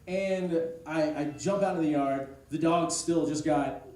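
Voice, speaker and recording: A man doing a stand-up comedy set, telling a rambling story with deadpan asides. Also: on the high side, slow, pauses often, a crowd in the background. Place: comedy club stage. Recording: echoey room, distant mic, noise. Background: audience laughter.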